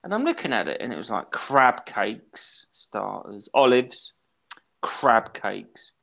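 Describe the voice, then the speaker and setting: A man in his thirties from England, chatting on a casual podcast. He rambles through his stories with a lively voice that swings up and down in pitch, and he swears freely as he goes. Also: takes it slowly, gravelly. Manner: rambling, animated storytelling with swearing. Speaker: podcast co-host. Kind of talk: casual chat.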